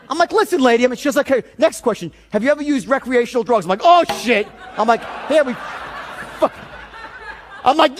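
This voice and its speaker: A man telling a story in a seminar talk, animated and profane, often shouting as he acts out the scene. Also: extremely high pitch, brisk, a faint crowd. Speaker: sales trainer.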